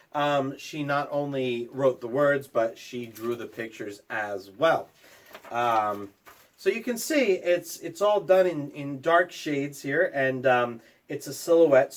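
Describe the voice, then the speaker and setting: A man teaching a library class for children, explaining picture books and reading one aloud with lively shouted lines. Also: mid-range voice. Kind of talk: storybook read-aloud lesson.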